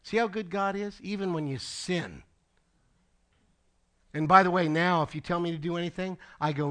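Middle-aged male pastor, fairly high pitch, conversational sermon storyteller. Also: lively intonation, moderate pace, long pauses, sharp tone. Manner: storytelling preacher, conversational asides like "okay?" and "folks".

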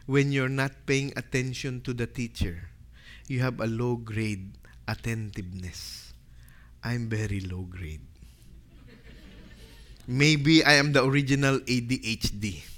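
A man preaching a sermon, dramatic and full of rhetorical questions, swinging from loud to hushed. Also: mid-range voice, steady tone, a little slow, pauses often.

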